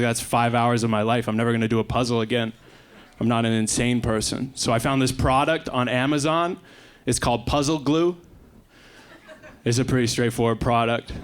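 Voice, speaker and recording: A young Canadian man performing a stand-up set in a comedy club, with quick deadpan asides. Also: mid-range voice. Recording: live club recording with faint crowd noise. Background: faint audience laughter.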